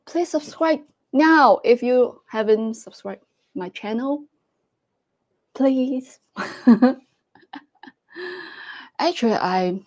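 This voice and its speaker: Slow-talking woman hosting a livestream. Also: fairly high pitch, darkish tone. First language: Cantonese. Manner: slow, halting, laughs often. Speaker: livestream host. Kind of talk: casual live-stream chat.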